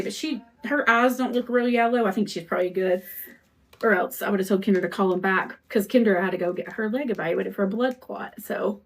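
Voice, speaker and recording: Chatty woman on a crafting live stream. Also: fairly high pitch. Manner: rambling, conversational, talks straight to viewers. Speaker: custom cup shop owner hosting a live stream.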